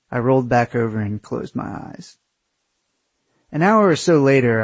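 Recorded close and dry with no room sound, a young man narrates his own travel tale with crude, wry humor. He speaks at a normal speed in a somewhat husky voice of middle pitch.

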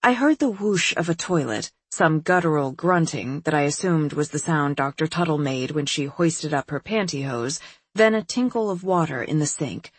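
A woman with a husky voice reading a first-person novel in a wry, detached manner. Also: low-pitched, animated, normal speed, dry recording. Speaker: audiobook narrator. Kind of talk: scripted first-person narration.

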